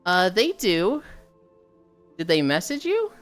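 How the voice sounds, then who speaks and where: Young woman streamer, lively storytelling, a bit low-pitched, casual swearing, slightly tired from walking, faint music behind. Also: takes it slowly. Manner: animated storytelling, swearing, acting out quotes. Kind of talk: casual chat while walking on a treadmill.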